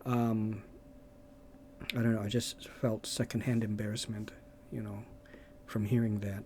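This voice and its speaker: A man's voice: on the low side, little pitch movement, unhurried, a little mellow, a little hiss or hum. A man making gaming videos, ranting casually and rambling, with lots of hesitations and restarts.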